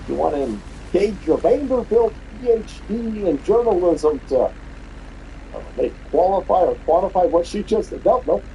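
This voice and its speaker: Brief: male podcast host, furious mocking rant, pitch swinging widely, mellow tone, faint hiss behind. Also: big pitch swings, normal speed, highs cut off. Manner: profane, mocking, heated. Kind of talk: angry political rant.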